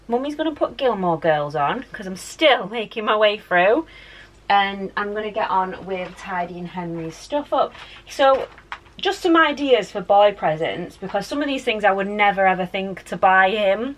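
Woman, casual home vlogger, chatty and rambling, mid pitch. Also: expressive, moderate pace, a little hiss or hum. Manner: chatty and rambling, with many fillers. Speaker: vlogger and mum. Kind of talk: casual home vlog chat. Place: child's bedroom at home.

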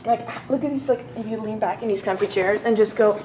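A woman's voice: mid-range voice, fairly quick, warm tone, slight background noise, low-quality recording. A young woman chatting and giggling while she films herself exploring a hotel. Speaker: vlogger. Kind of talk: casual handheld vlog chat. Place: indoors in a hotel, hallways and vending area. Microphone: handheld camera.

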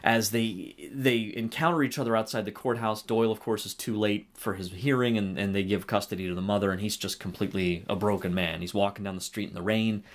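Guy with a lowish voice doing a chatty movie review, animated, lots of restarts. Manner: animated retelling with a halting, self-correcting flow. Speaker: film reviewer and faith commentator. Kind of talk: casual spoken film review.

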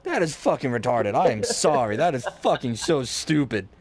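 A man chatting loudly with friends while playing an online shooter, excitable and swearing freely. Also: mid-range voice, moderate pace, no room sound. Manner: loud, excitable, swears a lot. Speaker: gamer recording party chat. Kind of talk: casual gaming banter.

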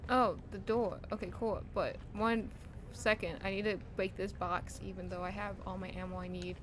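A woman streamer casually talking through a horror game, often swearing and shouting in panic when chased. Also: mid-range voice, fairly even intonation, moderate pace, noisy background. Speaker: gaming streamer.

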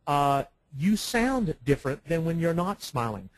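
Brief: man, slightly higher voice, webinar co-host, halting with fillers, dry close-mic sound. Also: very animated, dry recording, low-quality recording. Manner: speaks with many "uh" fillers and restarts; former broadcaster explaining mic technique. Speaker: webinar co-presenter on audio. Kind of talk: instructional webinar talk. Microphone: professional microphone, close.

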